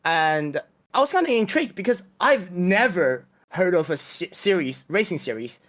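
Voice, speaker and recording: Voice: medium pitch, normal speed. Chatty team founder from China. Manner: rambling and animated, laughs between phrases. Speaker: team founder and owner, podcast guest. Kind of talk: casual podcast chat, long storytelling.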